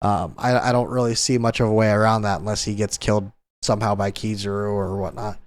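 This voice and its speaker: A man's voice: lowish voice, fairly even intonation, fairly quick. A young adult man hosting a casual comic chapter recap, talking loosely and chuckling often. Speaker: host.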